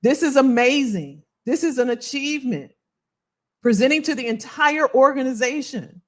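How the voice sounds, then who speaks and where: A woman's voice: high voice, moderate pace. A woman hosting a motivational live stream, reading viewer comments and cheering people on, repeating her phrases. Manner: animated, preachy and encouraging, repeats phrases.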